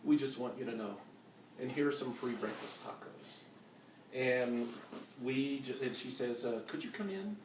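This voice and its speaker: With a steady, mid-range voice at a measured pace, a man recounts his personal testimony at a conference, though he rambles and restarts often amid many fillers. A distant mic in the echoey conference center hall also picks up slight background noise.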